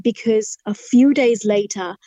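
Speaking a little slowly in a mellow, slightly high voice, a middle-aged human rights lawyer recounts her testimony as an interview guest, voicing the lines of the people involved. There is no room sound on the recording.

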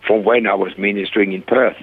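A man guest telling lively stories about his ministry, acting out the people he quotes, heard over a phone line. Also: fairly low pitch, fast, slightly rough, no room sound. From Australia. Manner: animated storyteller, acts out quoted voices. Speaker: guest, rehab ministry founder. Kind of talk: conversational storytelling interview. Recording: dry phone-line sound.

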